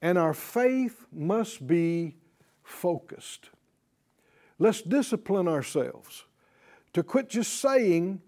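A man's voice: high-pitched, very animated, extremely slow, pauses often, darkish tone. A man teaching a Bible class, speaking emphatically, repeating his points and quizzing his students.

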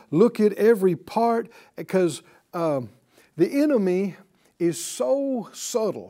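Animated, slow-spoken male Bible teacher. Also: high-pitched. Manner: emphatic, repeats key words, asks rhetorical questions.

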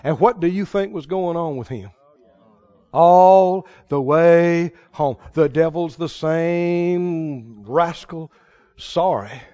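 A man's voice: on the high side, slow, warm tone, dull audio. A male preacher delivering a fervent sermon, calling out to the congregation and stressing his points.

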